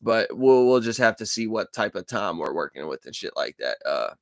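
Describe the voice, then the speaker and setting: A man hosting a casual dream-journal vlog from a dark room at his computer, talking into a desk microphone in a rambling, profane way with lots of fillers and restarts. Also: on the low side, sing-song, moderate pace, no echo, clean studio sound. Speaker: channel host.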